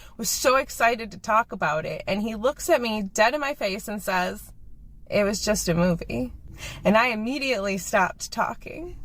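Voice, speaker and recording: A woman's voice: medium pitch, a bit bright. A woman in a storytime video, earnestly retelling an emotional moment. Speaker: social media poster.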